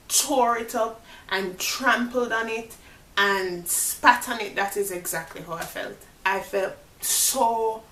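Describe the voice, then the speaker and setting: A woman vlogger retelling a personal story to her viewers in a dramatic, expressive way, bringing faith and God into it. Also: on the low side. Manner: religious, speaks of faith and God. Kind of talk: storytime vlog, talking to viewers. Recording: roomy echo, distant mic, faint hiss.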